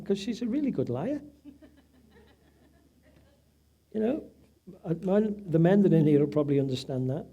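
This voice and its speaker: Dark-voiced man telling a personal story. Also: on the high side, expressive, moderate pace, gravelly, long pauses, breathy edge. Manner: emotional storytelling, acts out quoted voices. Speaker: event speaker, patient's husband. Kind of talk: personal testimony.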